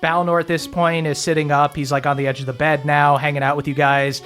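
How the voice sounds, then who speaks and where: A man's voice: a little high, level tone, brisk, fairly bright tone, soft background music. A man narrating a tabletop game as game master, in a loose, chuckling way with many fillers.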